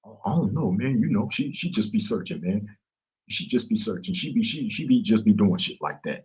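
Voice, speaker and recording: A man's voice: lowish voice, animated, a little fast, darkish tone, breathy edge, low-quality recording. A man doing a stammering, scared inmate. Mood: nervous. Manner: stammering, mumbled. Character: nervous, evasive male inmate clerk.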